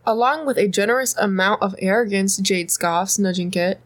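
A woman's voice: mid-range voice, fairly even intonation, normal speed. A young woman co-hosting a podcast, reading fan fiction aloud and teasing her co-host with laughs and swearing. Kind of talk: casual podcast banter and read-aloud.

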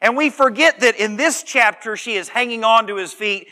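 A man preaching a sermon, reading scripture slowly and moving from calm explanation to impassioned shouting, then back to quiet, earnest appeal. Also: extremely high pitch. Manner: reads scripture aloud slowly.

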